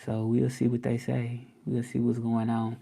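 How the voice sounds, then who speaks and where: A man hosting a casual livestream, relaxed and rambling, often repeating himself. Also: medium pitch, moderate pace, creaky. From Memphis, Tennessee. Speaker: language teacher and livestream host.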